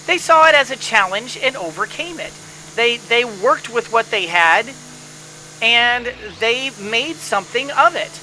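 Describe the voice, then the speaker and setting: Bright-voiced rambling gameplay commentator. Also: mid-range voice, lively intonation, a little slow, a little hiss or hum, rough recording. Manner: rambling motivational pep talk with many restarts. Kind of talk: casual let's-play commentary.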